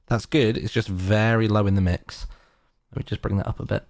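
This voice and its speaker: Low, gravelly male streamer musing aloud. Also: a little fast. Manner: musing to himself, relaxed and thinking aloud. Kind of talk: casual commentary while editing audio. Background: music track playing from his editor.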